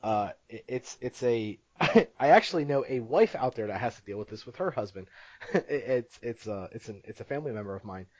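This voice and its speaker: A man's voice: medium pitch, expressive, brisk, darkish tone, no room sound, highs cut off. A man hosting a podcast in casual chat, rambling and joking, laughing often at his own stories. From Italian-American family. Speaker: podcast host.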